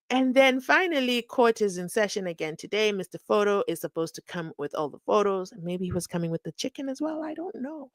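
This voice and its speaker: A young Namibian woman runs a chatty, sarcastic commentary channel reacting to a court trial, acting out the people she quotes. Her voice is fairly high and fairly bright, with no echo.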